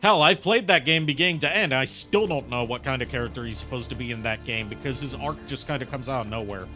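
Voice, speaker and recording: A man's voice: mid-range voice, fast, sharp tone. Guy streaming a game, rambly and opinionated, music playing behind. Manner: rambling, opinionated, many fillers. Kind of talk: casual gameplay commentary.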